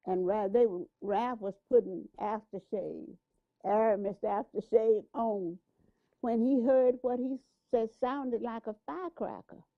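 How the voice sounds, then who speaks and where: A woman's voice: mid-range voice, creaky. An older woman recalling past events in an interview, telling her story unhurriedly with small hesitations and restarts. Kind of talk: spoken recollection. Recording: tinny, dry archival phone-like recording.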